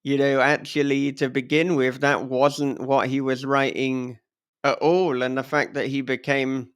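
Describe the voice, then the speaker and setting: A man's voice: mid-range voice, flat delivery, unhurried, clear, resonant tone. A man hosting a podcast interview, reflective and enthused, thinking aloud as he responds to his guest. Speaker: podcast host.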